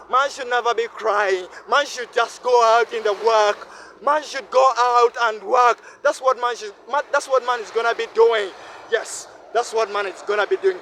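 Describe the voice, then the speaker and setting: A man's voice: extremely high pitch, a bit bright, a little hiss or hum. A man from Uganda, vlogging in an impassioned, repetitive monologue full of questions. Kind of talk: impassioned self-talk monologue.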